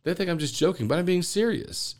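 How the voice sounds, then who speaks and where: A podcast host with a high, expressive, slightly mellow voice speaks fairly quickly. He rambles earnestly through spiritual ideas, often repeating words as he thinks out loud.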